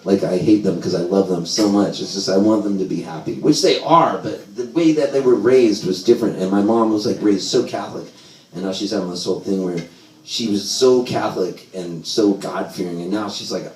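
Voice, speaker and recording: A man's voice: medium pitch, lively intonation, a little fast. A man spins rambling anecdotes on a small bar stage and chuckles his way through them. He sounds set back from the microphone, and his voice rings around the room. The crowd around him laughs and murmurs. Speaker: singer-songwriter telling stories on stage. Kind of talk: live stage storytelling. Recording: roomy live venue mic, from a distance, audience heard. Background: audience laughter and chatter.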